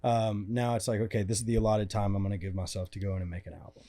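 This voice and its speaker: A man in a casual interview, giving thoughtful, measured explanations. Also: on the low side, fairly even intonation, warm tone. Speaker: guest songwriter.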